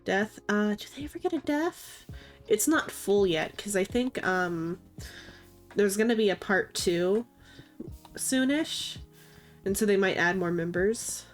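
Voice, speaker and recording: Stuffed up and sniffling, a woman rambles casually on a live stream, leaning on fillers and muting her desk mic whenever she sniffles. Her mid-range voice has lively intonation and a slightly slow pace, with soft music in the background.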